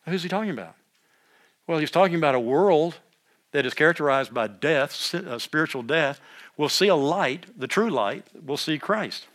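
An older man teaching a Bible study like a sermon, reading scripture aloud more loudly and dropping into quiet asides, often clearing his throat. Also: mid-range voice, lively intonation, a little fast.

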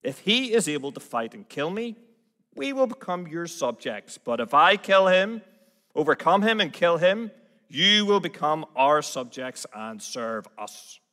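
A man with a Belfast accent reading the part of a boastful giant male warrior who taunts an army, in a loud, defiant manner. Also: medium pitch, measured pace, long pauses. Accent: Belfast, Northern Irish. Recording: long hall reverb.

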